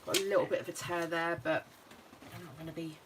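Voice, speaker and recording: A woman's voice: lowish voice, steady tone, fast talker, slight background noise, low-quality recording. A British woman talking through her scrapbooking as she works, chatting and thinking aloud. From United Kingdom. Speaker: craft vlogger. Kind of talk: casual crafting walkthrough.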